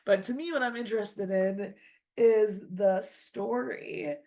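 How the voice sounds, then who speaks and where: A woman's voice: mid-range voice, takes it slowly, warm tone. Chatty woman teaching an old text. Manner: reads Aramaic then explains in loose, chatty English with many "like"s. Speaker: Torah teacher. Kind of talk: casual text-study lesson.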